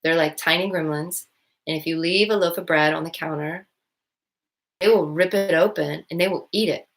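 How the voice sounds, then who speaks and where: Low-voiced woman musing casually. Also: fairly even intonation, moderate pace. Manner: rambling, many "like" fillers and restarts. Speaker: vlogger and stepmom. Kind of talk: casual reflective monologue.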